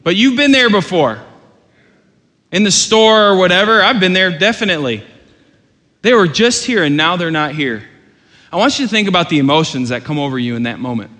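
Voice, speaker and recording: A man preaching a sermon as pastor, earnest and rising to loud, urgent questions. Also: high voice, expressive, brisk. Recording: long hall reverb.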